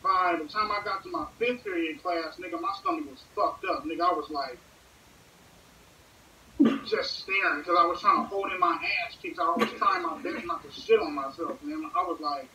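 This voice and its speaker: A man's voice: sits high, expressive, moderate pace, bright, forceful tone, far from the mic. A young man telling a rambling, profane comic story with lots of fillers. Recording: echoey room, off-mic, faint hiss.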